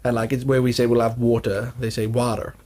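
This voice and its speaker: A young Welsh man co-hosts a casual podcast, sharing family stories and laughing often. His mid-range voice is darkish, flat, and quick.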